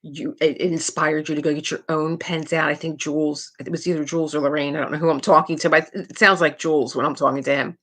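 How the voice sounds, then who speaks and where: Woman, middle-aged, rambling casual chat, craft livestream host, lowish voice. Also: little pitch movement, quick pace, few pauses, fairly bright tone. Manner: rambling, chatty, trails off and restarts. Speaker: diamond painting livestream host.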